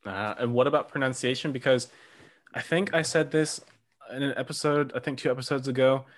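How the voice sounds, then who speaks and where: A man hosting a podcast, with a voice of ordinary pitch. He asks his questions in a relaxed, curious way and sprinkles his talk with "um" and light laughs. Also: a little fast. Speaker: podcast host. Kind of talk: casual interview chat.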